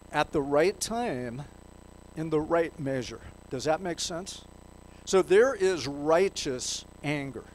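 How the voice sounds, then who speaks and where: A man's voice: a little high, slight background noise, rough recording. A man preaching a sermon in a church, reading scripture aloud and putting questions to the congregation. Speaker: pastor.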